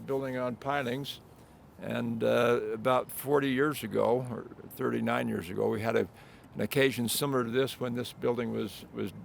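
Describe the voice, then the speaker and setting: An older man giving informal remarks at an outdoor groundbreaking, reminiscing in a halting way with many restarts. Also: mid-range voice, creaky, slight background noise. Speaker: property developer speaking at event.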